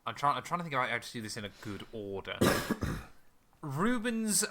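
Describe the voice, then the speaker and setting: A man's voice: medium pitch, very animated, moderate pace, sharp tone, slight background noise. A young man co-hosting a casual podcast, thinking aloud with lots of ums while answering a quiz. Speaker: podcast co-host. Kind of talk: casual chat.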